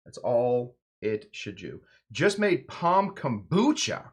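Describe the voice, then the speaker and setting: A man's voice: mid-range voice, big pitch swings, takes it slowly. A man hosting a home cocktail show, chatting casually and joking around while he mixes a drink. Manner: playful, jokey, rambling asides.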